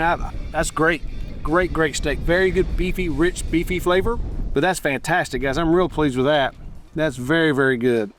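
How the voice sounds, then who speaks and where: Folksy man, slightly high voice. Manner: folksy and enthusiastic, talks straight to viewers. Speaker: barbecue cooking show host. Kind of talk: casual cooking and tasting commentary. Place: outdoors at a grill.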